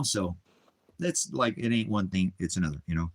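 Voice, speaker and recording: A middle-aged man rambles on a live stream, frustrated and profane, swinging from angry outbursts to low, weary muttering. His husky voice is expressive and a little fast.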